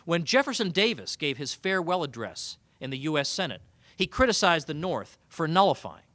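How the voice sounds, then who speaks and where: A man giving a humorous keynote speech at a banquet, animated and sarcastic, mock-quoting his opponents. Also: fairly high pitch, a little fast, no room sound. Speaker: keynote speaker. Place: banquet hall.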